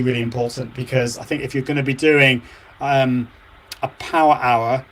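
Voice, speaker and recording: A man hosting his own live show and podcast, talking casually and enthusiastically to his viewers, with frequent repeats and fillers. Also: medium pitch. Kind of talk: solo casual chat to viewers.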